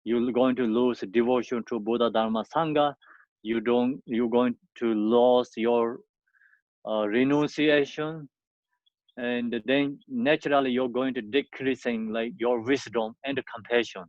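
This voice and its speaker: A man giving a Buddhist teaching in halting, non-native English, full of fillers and restarts. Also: medium pitch, fairly even intonation, darkish tone, dry recording. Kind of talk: dharma teaching. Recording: muffled dry lo-fi recording.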